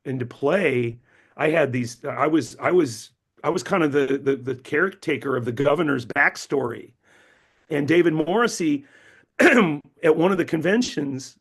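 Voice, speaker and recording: A middle-aged man, a novelist being interviewed, telling stories animatedly, acting out quotes and often repeating words as he restarts. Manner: animated, acts out quotes with big pitch jumps. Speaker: novelist guest.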